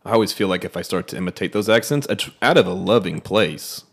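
Man from Oklahoma, podcast guest, low voice, storytelling, casual chat. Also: animated, fast.

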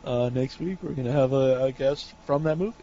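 A man co-hosting a podcast in casual chat, hesitant and filling pauses with uh. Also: medium pitch, mellow. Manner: hesitant, many uh fillers. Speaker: podcast co-host. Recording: dull lo-fi podcast audio.

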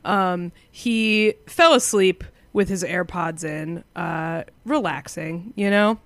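A woman's voice: fairly low pitch, slow, no room sound. A woman from Massachusetts co-hosting a casual chat, telling a story in a rambling way and laughing often. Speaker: podcast co-host.

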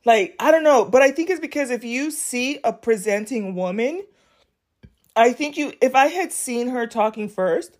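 A woman's voice: a little high, darkish tone. A woman hosting a casual solo podcast, talking candidly and bluntly in a rambling way, with many filler words. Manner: blunt and sassy. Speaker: podcast host.

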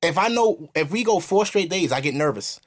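A man from New hosting a podcast, telling a story in animated, profane casual chat. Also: fairly high pitch, a little fast. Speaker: podcast host.

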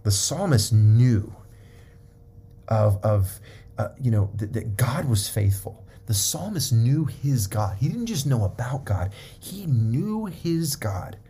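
A man's voice: on the low side, big pitch swings, takes it slowly, mellow, slight background noise. A man preaching a sermon, emphatic and repetitive, often checking in with his listeners.

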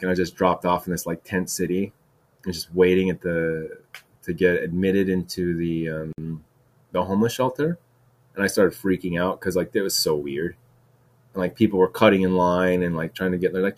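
A man's voice: deep voice, steady tone, normal speed. A man talking in a casual solo monologue, rambling and restarting, with lots of "like" and "dude.". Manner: rambling, heavy use of "like" and "dude"; restarts and repeats words. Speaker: podcast host.

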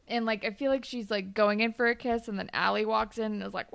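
A young woman co-hosting a casual chat that recaps a TV show, talking fast with lots of "like" and laughing often. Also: mid-range voice, fairly even intonation, gravelly, fairly bright tone, clean tone. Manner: chatty, lots of "like", laughs often, acts out characters' lines. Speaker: podcast co-host.

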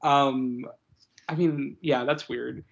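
A man's voice: medium pitch, fairly even intonation, slow, gravelly, breathy edge. A young man co-hosting a podcast, rambling and mocking in a casual chat full of fillers. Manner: rambling, mocking, many fillers, laughs often. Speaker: podcast co-host. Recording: dull lo-fi recording.

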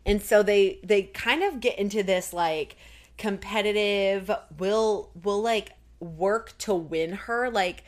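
A woman co-hosting a podcast, recapping an episode in casual chat full of "like" and quick acted-out lines. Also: mid-range voice. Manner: chatty, recounts scenes with lots of "like". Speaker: podcast co-host.

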